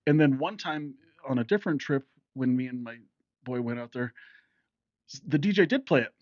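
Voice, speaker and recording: A man's voice: medium pitch, lively intonation, moderate pace, no echo. A middle-aged man with a mid-range voice chats casually on a podcast, chuckling and jumping in with his own side of the story. The sound is dry and a little dull. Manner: chuckling, chatty interjections. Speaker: podcast co-host. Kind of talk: casual chat.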